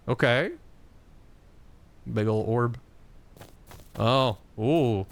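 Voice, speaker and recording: A man's voice: medium pitch, expressive, extremely slow, pauses often, a little hiss or hum. A man giving casual gameplay commentary as a streamer, playful and wry.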